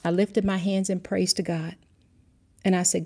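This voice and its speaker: A woman in middle age leads a livestreamed devotional, her voice soft and dark with a husky edge. She tells stories earnestly, wanders off on side paths and then brings herself back to the lesson. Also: lowish voice, flat delivery, normal speed, pauses often. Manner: earnest storytelling, drifting and circling back. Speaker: Christian teacher and mentor. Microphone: livestream camera mic.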